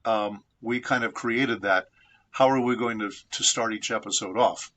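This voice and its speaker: A man from San Diego with a bright, forward voice sitting at the low end of the usual male range. He tells stories from his voice acting work in an unhurried interview style, steady and reflective. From San Diego, United States. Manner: measured, reflective storyteller. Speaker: voice actor guest. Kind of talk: anecdotal interview storytelling.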